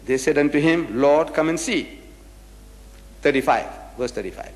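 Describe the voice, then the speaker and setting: A man's voice: a little high, moderate pace, long pauses, a little mellow. A man giving a religious lecture, reading scripture verses aloud and explaining them with rhetorical questions. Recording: echoey hall with long reverb.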